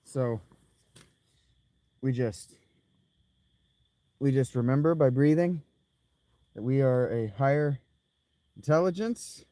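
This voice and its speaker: A man's voice: mid-range voice, slow pace, long pauses, mellow, no echo. A man streaming a game who jokes, rambles and talks himself through the play in casual chatter.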